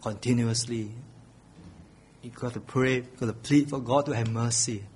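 A man's voice: mid-range voice, fairly even intonation, moderate pace, darkish tone, a little hiss or hum. A middle-aged male pastor preaching a sermon, earnest and pleading, repeating his key phrases.

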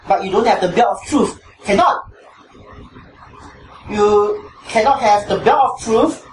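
A preacher with a Singaporean English accent giving an emphatic sermon, repeating key phrases for stress. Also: medium pitch. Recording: echoey room, distant mic, background noise.

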